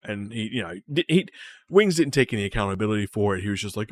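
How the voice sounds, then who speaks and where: A man's voice: on the low side, brisk, dry recording. A man casually talking to his chat during a stream, loose and profane, reading comments aloud.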